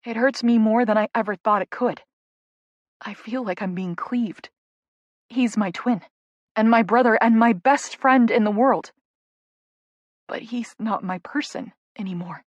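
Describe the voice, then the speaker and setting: A woman's voice: fairly high pitch, unhurried, long pauses, no room sound. A woman narrating a first-person audiobook in an intimate, emotional inner-monologue manner.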